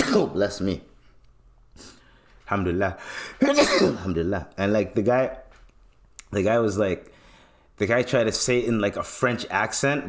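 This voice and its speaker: A young man from Canada hosts his own podcast, his voice sitting a little low. He talks loosely and rambles, full of slang and casual swearing. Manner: laid-back, swears often, slangy, rambling. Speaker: podcast host. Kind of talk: casual solo podcast talk.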